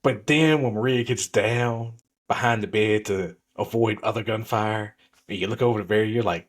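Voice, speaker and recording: A man's voice: fairly low pitch, moderate pace, slightly rough. A man co-hosting a podcast, casually recapping a TV episode and acting out scenes with swearing and laughter. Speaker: podcast co-host.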